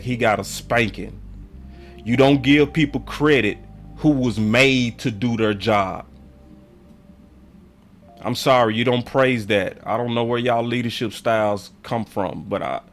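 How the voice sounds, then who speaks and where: A man hosting a casual sports fan livestream, talking in slang and often getting heated and ranting. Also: lowish voice. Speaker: sports channel host.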